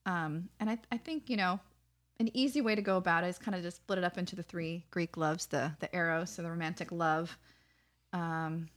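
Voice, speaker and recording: A woman's voice: on the low side, fairly even intonation, a little fast. A young woman co-hosting a podcast, explaining things in a rambling, casual way full of restarts. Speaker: podcast co-host. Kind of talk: casual chat.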